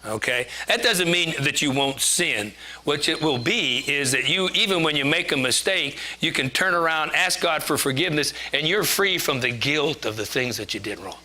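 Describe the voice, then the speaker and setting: A man's voice: fairly high pitch, lively intonation, normal speed, sharp tone, a little hiss or hum. A man giving a conversational sermon, chatty and joking, laughing at himself as he preaches.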